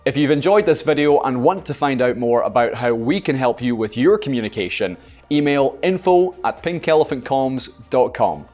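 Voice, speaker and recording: A man's voice: mid-range voice, lively intonation, normal speed, a little mellow, soft background music. A man with a Scottish accent, a voice coach giving a scripted talk to camera, showing rising and falling tone. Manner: clear, demonstrates falling and rising tone.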